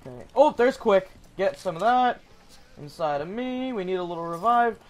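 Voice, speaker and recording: A young man hosting a gaming channel, giving casual, excitable gameplay commentary and swearing when startled. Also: high-pitched, moderate pace.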